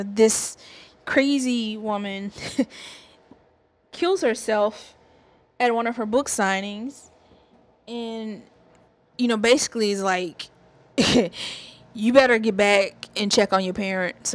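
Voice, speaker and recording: A woman's voice: medium pitch, steady tone, unhurried, long pauses. A woman with a Southern US accent, chatting casually about TV shows as a host, giggling and rambling. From American South. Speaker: TV review host. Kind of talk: casual chat.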